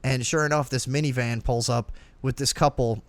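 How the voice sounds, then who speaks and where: A man's voice: mid-range voice, steady tone, moderate pace, no echo. A young man hosting a casual talk show, telling a long anecdote with lots of swearing and laughter, acting out the voices in it. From Downers Grove, Illinois area. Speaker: podcast host. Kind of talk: casual storytelling chat.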